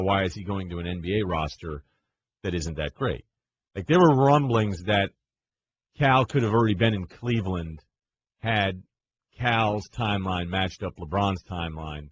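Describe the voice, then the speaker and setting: A man's voice: sits low, slight background noise. A man co-hosting a sports radio show, making his points in an emphatic, opinionated way. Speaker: co-host. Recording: slightly dull studio sound.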